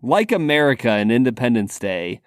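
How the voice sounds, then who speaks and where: A man co-hosting a podcast, telling stories in a relaxed casual way. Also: mid-range voice, normal speed, dry recording, studio quality. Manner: relaxed storyteller, many "like" fillers. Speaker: podcast co-host.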